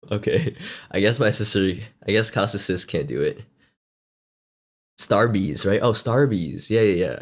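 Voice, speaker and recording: A man streaming a casual chat, self-mocking and laughing often between sentences. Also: deep voice.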